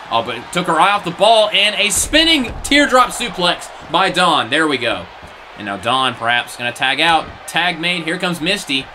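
A young man doing play-by-play for a wrestling video game, his voice high and bright with wide, bouncy swings in pitch. He gets animated, shouting at big moves and grumbling in exasperated asides. A faint hiss of noise sits behind him. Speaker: play-by-play commentator.

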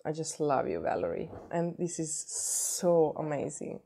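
A woman's voice: sits low, a little slow, creaky, few pauses, mellow, slight background noise. A woman opening a gift box for her vlog, gushing and emotional, repeating her words. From Sweden. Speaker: beauty vlogger. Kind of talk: unboxing vlog.

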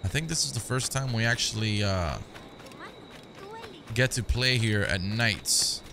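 A man's voice: lowish voice, measured pace, gravelly, noisy background. A man giving casual, chatty commentary over a game, often repeating his words as he goes. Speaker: gaming commentator. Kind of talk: casual let's-play commentary.

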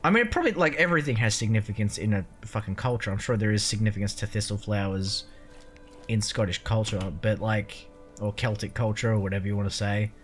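A man's voice: lowish voice, fast, soft background music. A man giving casual, rambling let's-play commentary, swearing freely and joking as he goes. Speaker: gaming channel host.

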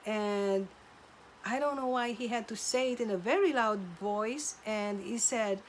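A middle-aged woman, a teacher, telling classroom stories in a careful, measured way with pauses. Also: fairly high pitch, slight background noise. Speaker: substitute teacher. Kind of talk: casual storytelling to camera.

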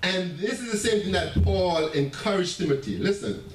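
High-voiced preacher in an echoey church. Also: male voice, normal speed, a little hiss or hum. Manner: animated preaching, laughing asides, stammering restarts. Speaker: pastor. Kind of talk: sermon. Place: church sanctuary. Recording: echoey church room heard from a distance.

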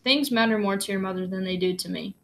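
A woman reading a soft-spoken, halting father. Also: mid-range voice, creaky, slight background noise. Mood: tender. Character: gentle, quietly emotional father.

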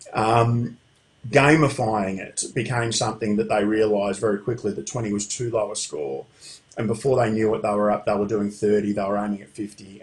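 A man's voice: on the low side, a little mellow. A middle-aged man giving a conference talk, telling stories and chuckling at his own anecdotes. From Australia. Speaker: conference speaker. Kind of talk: storytelling presentation.

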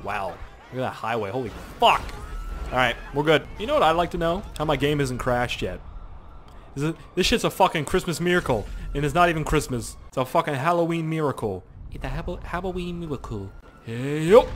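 A young man giving casual, excitable commentary while playing a video game, swearing and exclaiming often. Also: mid-range voice, a little hiss or hum. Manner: excitable and profane, frequent exclamations and laughs. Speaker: gameplay commentator.

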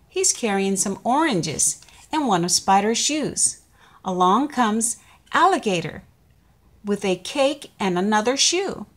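Slow, expressive woman reading a picture book. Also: mid-range voice. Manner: slow, expressive, sing-song. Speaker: storybook reader.

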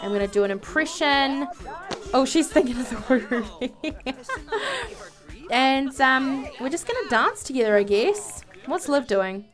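A woman chatting through a life-simulation game, giggling and exclaiming often. Her voice sits a bit high, and she talks at an unhurried, drawn-out pace between her bursts of excitement. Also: music in the background. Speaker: let's play gamer. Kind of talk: casual gameplay commentary.

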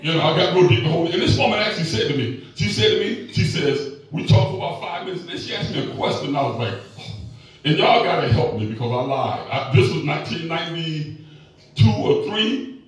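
A middle-aged man preaching a sermon as pastor, animated and joking with the congregation. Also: on the high side, brisk, heavy reverb, distant mic, poor audio.

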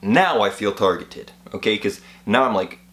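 Young male vlogger, lower voice, chatty and animated storyteller. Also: moderate pace. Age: young adult. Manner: rambling and animated, heavy on filler "like". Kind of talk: casual storytelling vlog.

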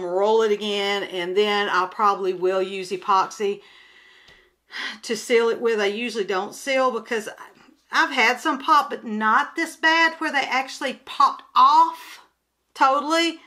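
Showing her crafts from home, this vlogger talks casually and meanders, with lots of fillers and restarts. Her medium-pitched voice has a bright, forceful tone.

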